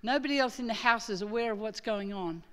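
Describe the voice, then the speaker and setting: A woman's voice: fairly high pitch, fast, smooth. A middle-aged Australian woman preaching a sermon, telling a story and acting out her own quoted lines with animation. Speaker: guest preacher.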